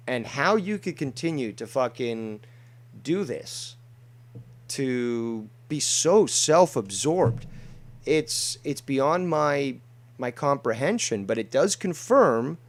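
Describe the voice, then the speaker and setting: A loud, animated, profane ranting man. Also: mid-range voice. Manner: contemptuous, profane, lecturing. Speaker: co-host. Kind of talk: ranting livestream talk. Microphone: online call.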